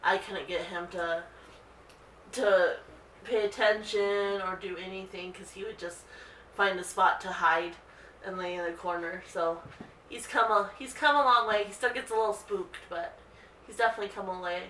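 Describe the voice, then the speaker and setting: A woman dog trainer speaks casually, explaining each step of a training exercise. Her voice is bright and forward. She sits a little away from the mic, and the indoor room adds a clear echo. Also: moderate pace, distant mic, slight background noise. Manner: calm explaining, breaks into high sing-song calls to the dog. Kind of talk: casual instructional video. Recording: roomy echo, voice a bit off-mic.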